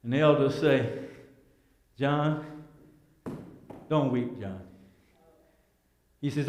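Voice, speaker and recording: A man's voice: medium pitch, extremely slow, pauses often, darkish tone. Emphatic man preaching in an echoey hall. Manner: emphatic, building repetition, rhetorical questions. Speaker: Bible class teacher. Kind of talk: preaching Bible lesson. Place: church hall.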